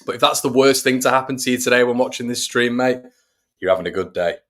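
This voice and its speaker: A fan channel host runs a live watch-along, giving casual play-by-play and chatting with viewers between the action. His voice is medium-pitched and he speaks fast.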